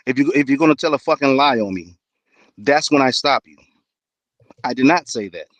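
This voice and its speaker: A man's voice: mid-range voice, lively intonation, a little fast, no room sound, poor audio. Angry profane man on a call. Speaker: debate panelist. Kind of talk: heated online debate. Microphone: online call.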